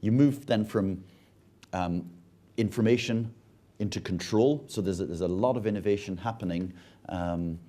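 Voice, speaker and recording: A man's voice: sits low, mellow. An Irish man speaking on a conference panel, often stumbling and repeating words as he restarts his sentences. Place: conference stage.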